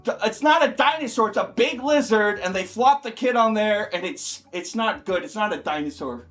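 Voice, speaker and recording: A man playing an emotional male clown employee in an improvised comedy sketch, rambling on and bursting into shouted bits. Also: sits high, animated, moderate pace, soft background music.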